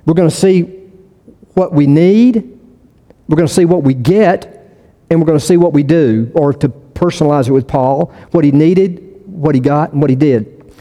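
A man's voice: fairly high pitch, normal speed, warm tone, long reverb tail. A man preaching a sermon as pastor, in a conversational way, restarting and repeating phrases for emphasis.

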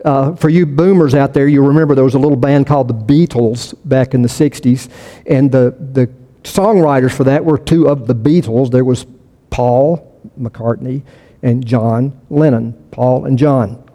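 Mellow-voiced male pastor in a reverberant hall. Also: mid-range voice, steady tone, normal speed. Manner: conversational, with frequent restarts and repetition for emphasis. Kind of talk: sermon.

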